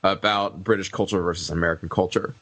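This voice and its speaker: A man talking fast in a casual discussion, pushing through long explanations with many restarts and repeated words. His voice sits in a middle range, recorded close and dry with no room sound. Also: low voice, steady tone, a bit bright, no room sound. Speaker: podcast guest reviewing a film.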